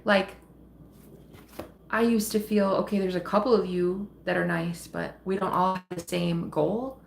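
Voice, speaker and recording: A woman hosting a tarot live stream and chatting casually with her viewers. She is affectionate and quick to laugh, calls people sweetheart and honey, and swears freely. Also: lowish voice, steady tone, creaky, a little hiss or hum.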